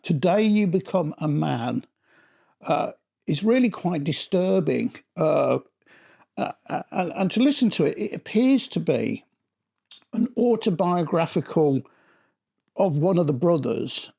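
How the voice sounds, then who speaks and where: A man's voice: fairly high pitch, sing-song, a little slow, vocal fry, warm tone, breathy edge. A middle-aged man giving a casual, rambling spoken review of a vinyl album, often restarting his sentences. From Britain.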